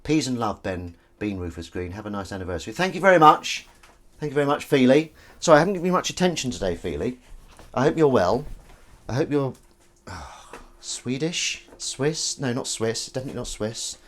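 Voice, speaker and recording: A man's voice: mid-range voice, sing-song, brisk, a bit bright. A man hosting a livestream, chatting and rambling while washing dishes. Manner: rambling, chatty, self-interrupting. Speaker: livestream host. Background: clattering dishes and cutlery.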